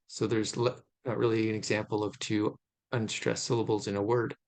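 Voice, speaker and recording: A man giving an informal recorded lecture on poetry over slides, thoughtful, with frequent fillers and restarts, slowing down to stress syllables. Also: fairly low pitch, flat delivery, creaky, a little mellow. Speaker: literature lecturer.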